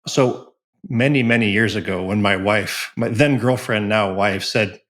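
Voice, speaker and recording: A man's voice: lowish voice, unhurried, a bit bright. A man chatting as a guest on a podcast, easygoing with self-deprecating humor, over a remote call. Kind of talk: casual podcast chat.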